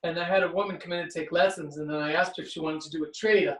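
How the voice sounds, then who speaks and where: A man's voice: a little high, fairly even intonation, rapid-fire, a bit bright. A man who teaches dance, chatting as a guest on a video call and telling stories with frequent restarts. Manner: chatty storyteller, repeats words when starting. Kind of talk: casual conversation over video call. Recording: roomy, distant video-call audio.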